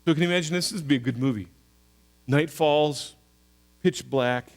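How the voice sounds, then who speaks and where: A man, preaching a sermon as pastor, telling stories and acting out voices with big swings in pitch and loudness. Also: moderate pace. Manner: storytelling, acts out voices of soldiers and God, animated swings in pitch and loudness.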